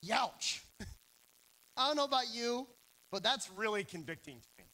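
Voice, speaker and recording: A young man preaching a sermon, telling stories with animated, self-deprecating humor. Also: very high voice, measured pace, poor audio.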